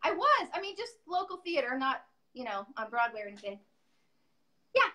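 A middle-aged woman, a furniture painter, speaking as a guest on a livestream; she talks loudly and rambles, poking fun at herself over a phone call. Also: sits high, big pitch swings, normal speed. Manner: talkative, loud, self-deprecating, rambling. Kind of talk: casual livestream chat. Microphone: phone on a video call.

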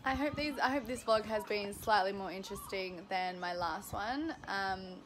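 A woman's voice: medium pitch, moderate pace. A young woman in her twenties talking chattily to her camera at home in a casual vlog, laughing often. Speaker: vlogger. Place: at home indoors. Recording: noisy home camera recording.

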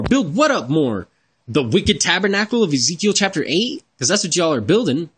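A man's voice: a little high, very animated, normal speed, fairly bright tone, husky. A man delivering a rambling, profane, exasperated rant as a religious commentator reacting to another creator's videos, repeating himself as he gets worked up. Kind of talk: heated reaction rant over screen-shared videos.

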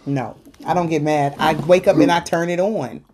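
A woman host speaking earnestly about faith and perseverance in a casual chat, talking like a sermon and protesting loudly when teased. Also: low voice, normal speed, slight background noise. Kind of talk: casual faith talk on an eating show.

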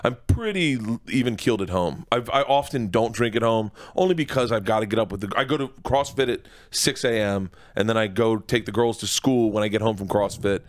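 A man in his forties, a comedian guest telling stories in a casual radio studio interview, rambling and excitable, restarting his sentences often. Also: on the low side, fairly quick, few pauses.

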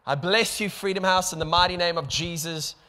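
Impassioned South African pastor, bright voice. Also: male voice, high voice, fairly even intonation, fairly quick. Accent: South African English. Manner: impassioned, rising to emphatic peaks. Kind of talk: sermon. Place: church hall. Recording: long hall reverb.

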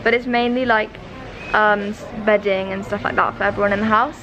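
A woman's voice: medium pitch, fairly even intonation, a little fast, muffled recording, background noise. A woman chatting casually in a vlog, self-mocking and talkative. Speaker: vlogger.

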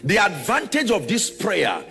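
A man's voice: sits high, huge pitch swings, a little slow, creaky, sharp tone, faint music behind. A man preaching a sermon to a congregation, drawing responses from them and sliding into sung, chanted phrases. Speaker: pastor.

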